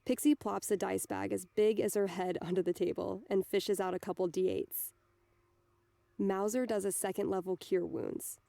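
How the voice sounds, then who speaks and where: A woman reading a first-person novel aloud in a steady storytelling manner. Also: medium pitch, moderate pace, vocal fry, dry recording. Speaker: audiobook narrator.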